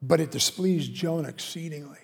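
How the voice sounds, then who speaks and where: A man's voice: fairly high pitch, brisk, creaky, long reverb tail. A man preaching a sermon, emphatic, acting out a prophet's bitter complaints with rising intensity. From Canada. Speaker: pastor.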